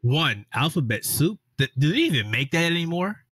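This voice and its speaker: A man's voice: a little high, big pitch swings, fairly bright tone, breathy edge, no room sound. A man co-hosting a casual gaming podcast, trading sarcastic jokes. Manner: sarcastic, quick joking banter. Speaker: podcast co-host, editor-in-chief.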